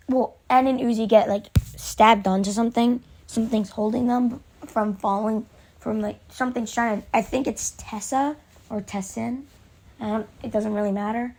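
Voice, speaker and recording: A woman excitedly recapping an episode in a casual, rambling way, with many fillers and restarts. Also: a little high, unhurried.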